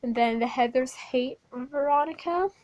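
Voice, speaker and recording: A woman's voice: high-pitched, normal speed, a little mellow, poor audio. A woman rambling through an informal plot recap for a speedpaint video, swearing now and then and using many fillers. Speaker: video creator.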